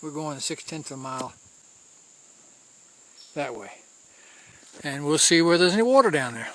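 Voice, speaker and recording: On the high side and sing-song, this man speaks at a moderate pace with a slightly bright tone. He films handheld while walking a mountain trail, guiding viewers in a chatty, loose style and restarting his phrases as he goes.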